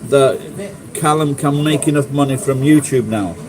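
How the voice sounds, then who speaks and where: A middle-aged man from England with a Sheffield accent hosts a livestream, chatting casually with viewers and rambling through stories full of swearing. His voice sits in the mid range at a normal speed, and the recording is rough.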